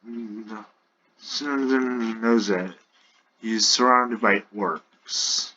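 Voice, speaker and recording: A man narrating an improvised role-play story at a slow pace, with frequent false starts. His voice is low-pitched with a bright edge. The recording is lo-fi and dull. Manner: halting, with frequent restarts.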